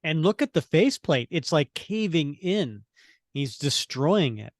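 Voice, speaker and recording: A man hosts a comic book podcast, walking through each panel and stopping to correct himself. He talks slowly in a slightly high voice. The sound is dry and close. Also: sing-song, dry recording. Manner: describing panels, self-correcting. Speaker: podcast co-host. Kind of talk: comic book reading and discussion.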